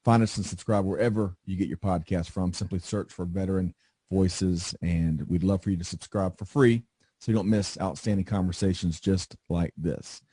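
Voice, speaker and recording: A man's voice: deep voice, fairly even intonation, moderate pace, mellow, husky, no room sound, studio quality. A man hosting a veteran-focused podcast, introducing guests in an upbeat, enthusiastic way with frequent repeated words. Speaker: podcast host.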